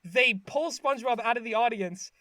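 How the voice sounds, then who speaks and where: A podcast co-host with a very high, bright, forceful voice recaps a cartoon episode at a moderate pace. He rambles casually with lots of fillers and acts out bits of dialogue, in clean studio sound with no echo.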